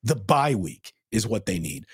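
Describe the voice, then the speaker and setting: A man's voice: lowish voice, lively intonation, measured pace, slightly rough, dry recording, studio quality. A middle-aged man co-hosting a sports talk show, emphatic and blunt in casual chat. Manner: emphatic, blunt, repeats himself.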